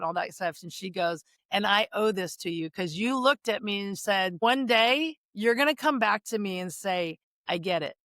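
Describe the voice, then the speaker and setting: A middle-aged woman hosting a podcast interview, telling an animated story full of acted quotes. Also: medium pitch, dry recording. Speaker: podcast host. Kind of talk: casual interview chat.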